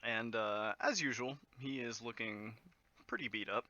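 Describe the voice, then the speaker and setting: Man, game master, very bright tone, relaxed narration, lo-fi audio. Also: medium pitch, a little slow, dry recording. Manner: relaxed, uses fillers. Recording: dull lo-fi sound.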